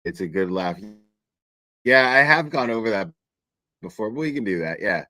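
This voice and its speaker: A man's voice: lowish voice, normal speed, no echo. Male commentator, incredulous swearing rant, dry close sound. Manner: animated, incredulous, swears often, laughs while talking. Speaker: online commentator. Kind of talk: casual ranting commentary.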